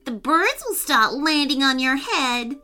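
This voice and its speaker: Shrill, jeering schoolyard bullies, voiced by a woman storyteller. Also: expressive, a little slow, sharp tone, soft background music, heavily acted. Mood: mocking. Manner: shrill and mocking. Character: taunting bullying schoolchildren.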